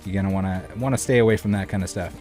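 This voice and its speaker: A man's voice: low voice, fairly even intonation, racing, darkish tone, faint music behind. A man hosting a casual commentary video, talking in a rambling, blunt way with many fillers. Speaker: channel host.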